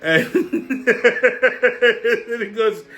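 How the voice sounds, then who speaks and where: A man's voice: extremely high pitch, drawn-out words, pushed and bright, highs cut off. A man hosting his own show, telling a story as a profane, heated rant. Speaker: host. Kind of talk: casual ranting monologue.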